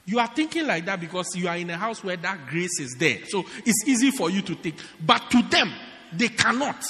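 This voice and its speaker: A man preaching a sermon as pastor, emphatic and repetitive, swinging from shouts to hushed words. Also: high-pitched, very animated, a little fast, in a large hall. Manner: emphatic, repeats phrases for stress, swings between shouting and hushed tones. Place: church.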